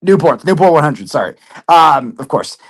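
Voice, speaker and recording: A man's voice: a little high, sing-song, normal speed. A man in casual chat, telling a story with lots of swearing and putting on other people's voices. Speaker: podcast guest.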